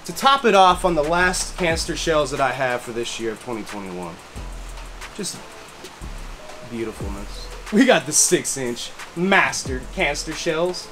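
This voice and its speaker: A fairly high-voiced man talks through his collection in a casual show-and-tell vlog. He is hyped and slangy, loops the same catchphrases and keeps bursting with excitement. Music plays clearly underneath him. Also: unhurried. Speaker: fireworks vlogger. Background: background music.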